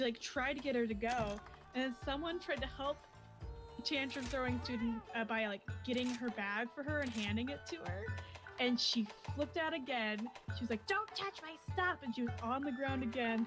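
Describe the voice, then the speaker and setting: A young woman in her twenties telling a long, animated story in casual chat during a co-op game stream, laughing often. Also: a little high, moderate pace. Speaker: co-op gaming stream guest. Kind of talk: casual storytelling while gaming. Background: game music.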